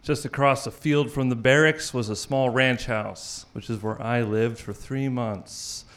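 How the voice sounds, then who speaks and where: A man's voice: medium pitch, unhurried. Wry man telling a story on stage. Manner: wry, animated, laughing through the story. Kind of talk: live personal storytelling.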